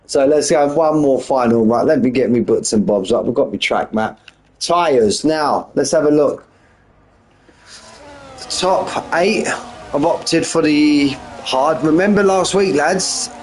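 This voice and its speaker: A man's voice: fairly high pitch, slow pace, darkish tone, a little hiss or hum, rough recording. A young man giving chatty, joking live commentary on an online sim race. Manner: chatty, jokey banter with drivers.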